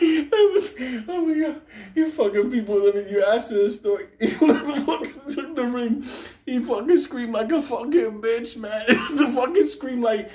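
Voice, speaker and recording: A man with a fairly high voice tells a story in a loose, rambling way. He swears in nearly every line and keeps cracking himself up. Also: normal speed. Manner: profane, laughs often; animated, rambling. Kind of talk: casual storytelling.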